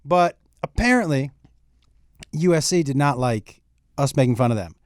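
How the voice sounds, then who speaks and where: Lively-voiced man from Massachusetts. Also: medium pitch, normal speed, dry recording, clean studio sound. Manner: animated storyteller, laughs often. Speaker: guest comedian. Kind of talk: casual podcast chat.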